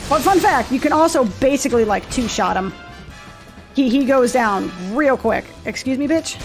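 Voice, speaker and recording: A woman's voice: high-pitched, animated, normal speed. A woman streamer giving casual, chatty let's play commentary, swearing freely and sounding tired, over faint game music. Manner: chatty, swears a lot, says she is tired. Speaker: gameplay streamer.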